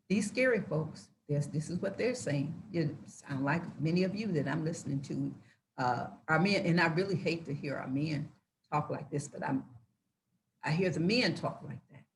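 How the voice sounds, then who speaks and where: A woman's voice: deep voice, slight background noise. A woman reading scripture aloud and commenting on it with passion, bluntly and colloquially, restarting her words as she goes. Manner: impassioned, repeats words while restarting. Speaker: Bible teacher.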